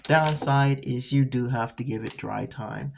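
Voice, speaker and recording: A woman's voice: a bass voice, a little slow, creaky. A woman hosting an art channel, chatting casually while painting and rambling through stories with frequent restarts.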